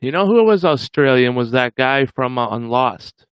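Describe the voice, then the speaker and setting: A man's voice: mid-range voice, animated, normal speed, smooth, no room sound, highs cut off. A man hosting a livestream, chatting casually with viewers in a rambling way and chuckling often. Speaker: livestream host.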